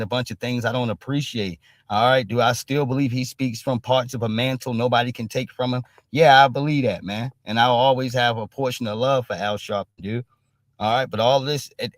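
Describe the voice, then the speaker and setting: There's no echo as a man with a medium-pitched voice hosts an easygoing live-stream. He talks emphatically in blunt, profane street language, repeatedly ending his points with the tag "all right?"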